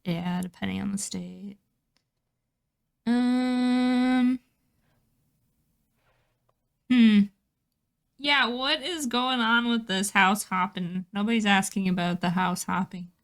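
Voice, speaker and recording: A woman's voice: mid-range voice, steady tone, slow pace, vocal fry. A woman co-hosting a podcast, reacting to stories with sarcastic quips in casual chat. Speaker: podcast co-host.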